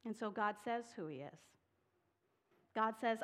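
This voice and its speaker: A woman's voice: medium pitch, expressive, a little slow, fairly bright tone. A woman preaching a sermon, reading scripture dramatically and voicing the people she quotes with rising intensity. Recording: long hall reverb.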